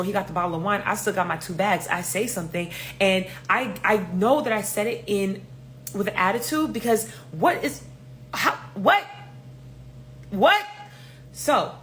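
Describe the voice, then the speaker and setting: Animated young woman from New York. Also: mid-range voice, a little hiss or hum. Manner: animated, swears freely, acts out voices. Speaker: storyteller. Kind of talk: casual storytime.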